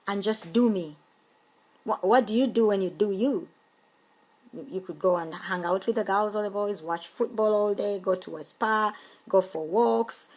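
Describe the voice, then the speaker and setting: A middle-aged woman coaching on a motivational live stream, emphatic and repeating key phrases, pausing to greet viewers. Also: medium pitch, rough recording. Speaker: home business coach.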